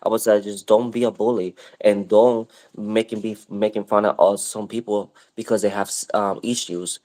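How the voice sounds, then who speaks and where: A man's voice: lowish voice, little pitch movement, normal speed, darkish tone. A man in casual conversation, telling a long story in a rambling way with many fillers and restarts.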